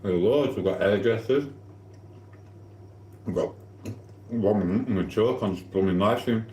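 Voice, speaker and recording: Livestream host, man, very low voice, rambling cheeky banter, eats on mic in a roomy kitchen. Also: moderate pace, a little mellow, a little hiss or hum. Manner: rambling, cheeky and flirty, eating while talking. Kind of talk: casual live-stream chat. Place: home kitchen.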